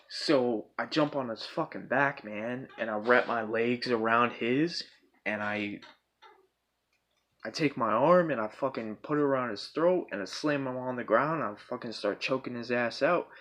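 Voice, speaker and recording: A man's voice: medium pitch, a bit bright. A young man casually telling a personal story, rambling and swearing a lot, often checking in with his listeners. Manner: profane, rambling, checks in with 'right?' and 'bro'.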